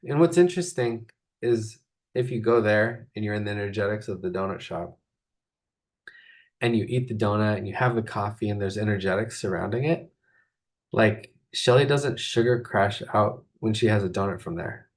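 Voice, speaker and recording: A spiritual coach hosting a casual talk speaks at normal speed in a lowish voice. His delivery is loose and meandering, thick with fillers and the word "like."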